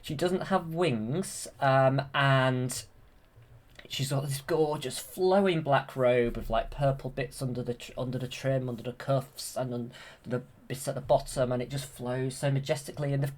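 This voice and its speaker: A man's voice: mid-range voice, normal speed. A man hosting his channel, retelling a film from memory with enthusiasm and plenty of fillers and restarts. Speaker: channel host.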